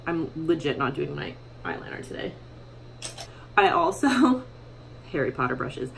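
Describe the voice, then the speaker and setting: Young female vlogger, slightly low voice, chatty and self-deprecating, makeup tutorial feel, recorded in a home bathroom. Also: wildly swooping pitch, measured pace, gravelly, slight background noise, low-quality recording. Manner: chatty, many fillers, self-mocking. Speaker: beauty vlogger. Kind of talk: casual makeup tutorial chat.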